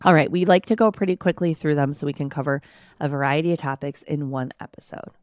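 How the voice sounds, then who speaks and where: Low-voiced lady cohosting a pod, chatty and giggly, dry close sound. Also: fast talker, no room sound. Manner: chatty, laughs often. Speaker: podcast co-host. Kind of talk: casual chat.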